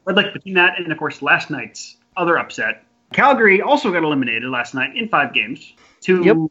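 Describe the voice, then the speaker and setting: A man's voice: a little high, very animated, a little fast, bright, forceful tone, breathy edge. A man co-hosting a casual sports podcast, sarcastic and profane in his banter. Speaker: podcast co-host. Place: in Canada. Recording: dull lo-fi audio.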